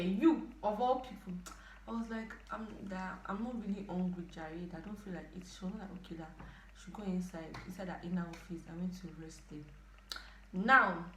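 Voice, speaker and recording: A young woman in her twenties with a Nigerian accent, telling a storytime vlog in an animated way with dramatic outbursts. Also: fairly low pitch. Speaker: storytime vlogger. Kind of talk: casual storytelling to camera. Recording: echoey room.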